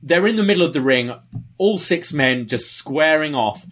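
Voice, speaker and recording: A man's voice: a little high, expressive, normal speed, fairly bright tone. A man co-hosting a podcast, chatting casually and recounting wrestling history. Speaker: podcast co-host. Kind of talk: casual chat.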